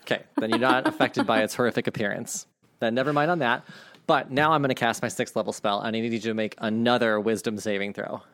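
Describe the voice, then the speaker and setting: A man's voice: medium pitch, fairly even intonation, fast, fairly bright tone. A man acting as game master, explaining rules casually and swearing now and then. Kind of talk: running a tabletop game.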